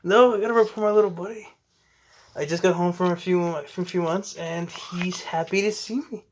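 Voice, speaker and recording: A man's voice: sits high, steady tone, a little fast, a little hiss or hum. A man vlogging at home, cooing at his dog and swearing casually as he talks.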